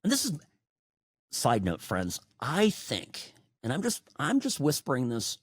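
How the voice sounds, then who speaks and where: Animated, sarcastic middle-aged radio host. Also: male voice, unhurried, husky, no room sound, studio quality. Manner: animated, sarcastic, swings between loud outbursts and low asides. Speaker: radio talk show host. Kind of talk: opinionated talk radio monologue.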